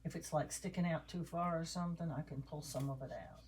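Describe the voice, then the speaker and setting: A woman's voice: deep voice, fairly even intonation, brisk, a little mellow, a little hiss or hum. An older woman chatting casually as she stuffs and assembles a handmade doll, talking to her viewers while she works. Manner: chatty, talks while working with her hands. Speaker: doll maker. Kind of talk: casual crafting vlog.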